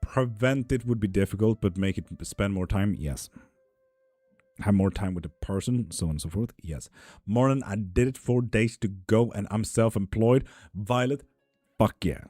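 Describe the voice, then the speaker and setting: A young man chatting casually on a live stream, reading viewer comments, relaxed, swearing freely and cheering people on, a little ill and foggy. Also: lowish voice, normal speed, dry recording. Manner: laid-back, swears freely, upbeat cheering. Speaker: live tarot and spell streamer.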